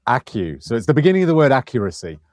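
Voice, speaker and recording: A man's voice: mid-range voice, sing-song, racing, no room sound, clean studio sound. A man in his forties, a managing director, answering interview questions in a hesitant, conversational way and often repeating words. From England. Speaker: guest, company managing director.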